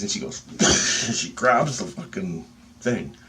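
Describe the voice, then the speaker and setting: A man telling a personal story in a casual, excitable and profane way, with pauses and restarts. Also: on the low side, slight background noise.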